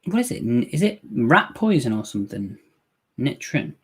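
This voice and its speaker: A man's voice: mid-range voice, sing-song, normal speed, slightly rough. A man in his thirties casually commenting during a live movie watch-along, thinking aloud and swearing freely.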